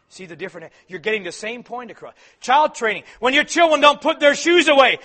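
A man preaching a sermon to fathers, swinging from loud emphatic peaks to soft, quiet asides. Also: very high-pitched, sing-song, a little fast, hardly any pauses.

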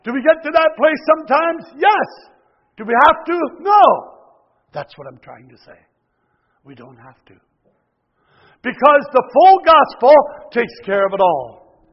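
A man preaching a sermon, swinging from loud exhortation to hushed near-whispers, often repeating words and restarting. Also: extremely high pitch, big pitch swings, a little slow, long pauses. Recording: dull lo-fi recording with long hall reverb.

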